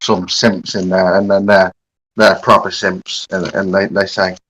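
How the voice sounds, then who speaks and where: Podcast guest, male, low-pitched, halting delivery with many restarts. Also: flat delivery, fairly bright tone, breathy edge, rough recording. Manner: halting, many repeated words. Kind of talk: casual podcast chat.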